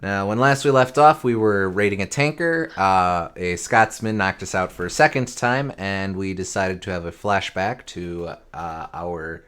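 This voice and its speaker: Low-voiced easygoing male streamer. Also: measured pace, few pauses, clear, resonant tone. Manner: easygoing, jokey. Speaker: streamer playing the game. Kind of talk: casual gameplay commentary. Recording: stream mic with loud game music.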